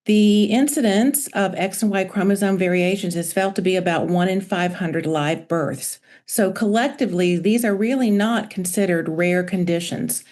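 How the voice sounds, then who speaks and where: A woman pediatrician presenting a medical webinar lecture over a video call in a measured, informative way. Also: medium pitch, darkish tone. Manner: measured, informative, reading from slides.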